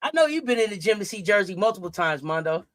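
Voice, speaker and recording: A woman's voice: mid-range voice, sing-song, quick pace, dry recording. A woman hosting a sports talk stream, ranting heatedly to her viewers with lots of swearing and repeated phrases. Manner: profane, heated, repetitive ranting; addresses viewers directly and often. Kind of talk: live-chat sports rant.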